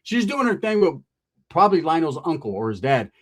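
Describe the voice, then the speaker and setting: In a fairly high voice and at a fairly quick pace, a man delivers a storytime comedy bit that's profane and slangy, with animated impressions of the people he quotes.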